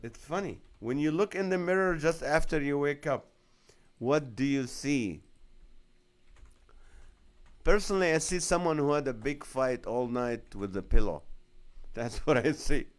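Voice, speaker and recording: A man's voice: on the high side, unhurried, long pauses. A male comedian hosting a casual live stream, reading viewer comments aloud and laughing often. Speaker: comedian host of a live show.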